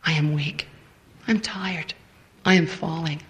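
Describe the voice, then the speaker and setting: A middle-aged woman preaching an emotional sermon to a women's retreat, fervent and stammering, dropping into hushed near-whispers. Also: low-pitched, steady tone, takes it slowly, rough recording.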